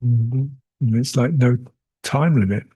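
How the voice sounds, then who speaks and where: Slow, husky older man teaching. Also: medium pitch, mellow. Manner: slow, reflective, repeats short phrases, chuckles often. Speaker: Buddhist monk teacher. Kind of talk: retreat Q&A dharma talk. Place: meditation retreat hall.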